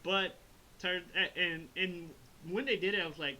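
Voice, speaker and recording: A man's voice: high-pitched, steady tone, moderate pace, bright, forceful tone, a little hiss or hum, low-quality recording. A man hosting a casual review chat, rambling, swearing and laughing as he recaps the story. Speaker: host reviewing an animated film.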